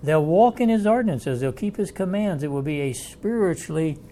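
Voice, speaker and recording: Folksy, slightly high-voiced male Bible teacher. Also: expressive, normal speed, mellow, slight background noise. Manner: folksy, conversational, thinks aloud and invites questions. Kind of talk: Bible study lecture.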